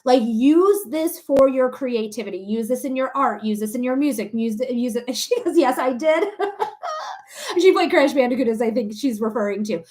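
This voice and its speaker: A woman in her thirties giving a live tarot reading in a chatty, animated way, laughing often and swearing casually. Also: a little high, normal speed. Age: 30s. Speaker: tarot reader.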